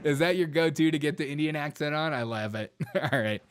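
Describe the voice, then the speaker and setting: A man hosting a livestream commentary show, animated and giggly, laughing through his words. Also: fairly high pitch, fairly quick. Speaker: show host.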